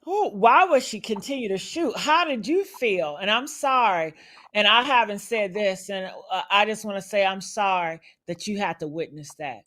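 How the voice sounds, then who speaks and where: A woman's voice: medium pitch, animated, normal speed, fairly bright tone. A woman interviewing a witness on a live stream, sympathetic and consoling, with religious phrasing.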